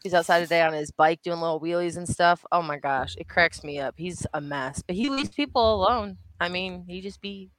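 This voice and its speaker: A woman's voice: on the low side, brisk, hardly any pauses, a little hiss or hum. A woman from New York in casual podcast chat, speaking in a dry, offhand, wry way. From Elmira, New York.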